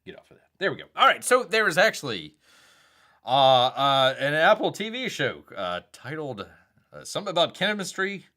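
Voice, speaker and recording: With a fairly high, sing-song voice that sounds pushed and bright, a man with a Southern accent speaks at normal speed on a casual live stream. He rambles, reads out viewer chats, and refers to himself by a nickname in the third person.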